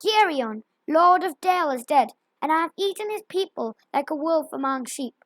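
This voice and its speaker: A woman reading aloud, voicing a huge, gloating old male dragon who mocks and boasts loudly. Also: high-pitched, animated, normal speed, no room sound. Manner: mocking and boastful, loud declaiming.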